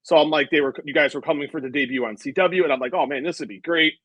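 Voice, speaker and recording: A man in his thirties with a slightly higher voice tells a winding story about a family outing, full of asides and quoted lines. The sound is close and dry, with no room around it. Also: quick pace, slightly rough, no echo, low-quality recording. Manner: rambling, animated anecdote with many asides. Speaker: interviewer. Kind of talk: casual interview storytelling.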